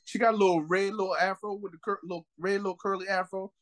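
Animated slang-heavy male storyteller. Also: quick pace. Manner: animated storyteller, acts out quotes with big pitch jumps; heavy slang and profanity, repeats "you know what I'm saying". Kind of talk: casual chat.

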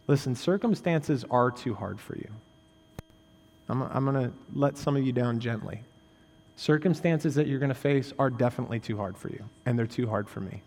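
Preaching in a large hall, this man sounds like a pastor chatting with his congregation, dropping in jokes and asking "right?" His emphasis moves from loud and intense to soft and low.

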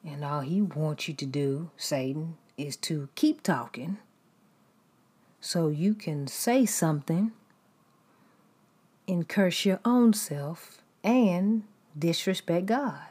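A woman's voice: sits low, slow, darkish tone, breathy edge. A woman preaching bluntly and emphatically, repeating her point. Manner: blunt, emphatic, repetitive, laughs often.

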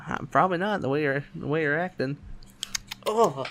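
A young man hosting a podcast, telling a work story in a quick, animated way and acting out other people's lines. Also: on the high side, slight background noise. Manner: quick, animated anecdote-telling with voiced quotes. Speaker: podcast host. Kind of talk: casual storytelling chat.

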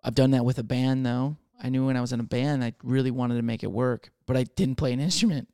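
A man's voice: medium pitch, steady tone, quick pace, dark tone, clear, resonant tone, no echo, studio quality. A man in his twenties telling a rambling, profane comic monologue with lots of restarts. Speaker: comedian.

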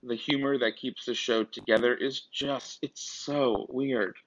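In casual conversation, a male podcast co-host rambles along, restarting often and drifting into asides. His voice sits at a medium pitch with a steady tone and a measured pace, and the recording sounds dull and lo-fi.

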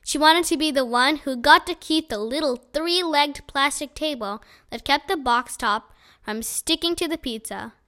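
A woman reading a children's chapter book aloud in a lively, expressive storytelling manner. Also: sits high, moderate pace. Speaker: audiobook reader.

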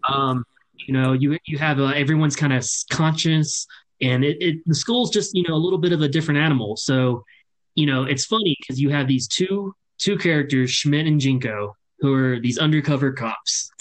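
A man's voice: fairly high pitch, moderate pace, rough recording. A man co-hosting a podcast in casual chat, explaining at length with many fillers. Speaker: podcast co-host.

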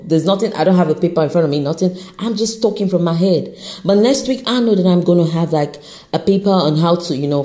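A woman with a lowish voice hosts her own podcast, delivering an unscripted motivational talk straight to the listener. She's animated and encouraging, and her accent shifts as she talks.

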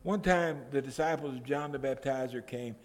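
A man's voice: mid-range voice, normal speed. A man preaching a sermon, retelling the story and building to emphatic outbursts. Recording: long reverb of a large hall.

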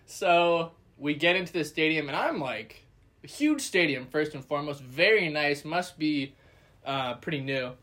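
Podcast co-host, male, fairly high-pitched, animated storyteller who acts out quotes. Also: measured pace. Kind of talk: casual chat, storytelling.

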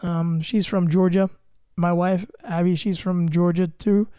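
Jokey podcast host with a mellow voice. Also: male voice, high voice, little pitch movement, unhurried, smooth, no echo, clean studio sound. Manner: mock-grandiose, self-mocking boasts. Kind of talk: casual comedic podcast chat.

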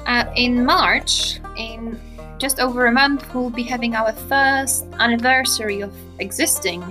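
A woman co-hosting a podcast, chatting casually to listeners in a friendly, slightly halting way. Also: fairly high pitch, steady tone, sharp tone, faint music behind. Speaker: podcast co-host. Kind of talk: casual chat.

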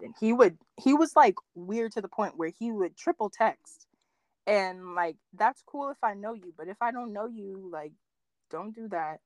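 A young woman telling dating stories in casual chat, full of "like" fillers and quoting others with big jumps in pitch. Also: no echo. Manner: animated storyteller, acts out quotes with big pitch jumps, many "like" fillers.

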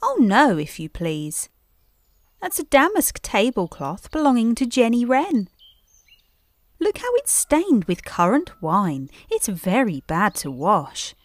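A fussy little hedgehog washerwoman chatters politely in a high, lilting voice, as a woman reading a bedtime story puts her on. She is anxious and eager to please. The sound is close and dry, with little room. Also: wildly swooping pitch, slow, dry recording, heavily acted. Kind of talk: storybook character voice.

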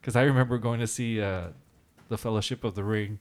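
A man co-hosting a casual podcast, a teacher who tells animated stories, acts out quotes and talks with many fillers. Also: on the low side, fairly quick. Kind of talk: casual chat.

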